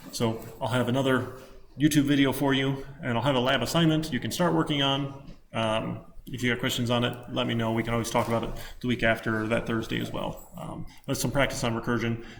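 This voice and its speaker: A male college instructor giving a casual classroom lecture, relaxed and rambling with many ums while he works on his laptop. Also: medium pitch, fairly quick, creaky, a little hiss or hum.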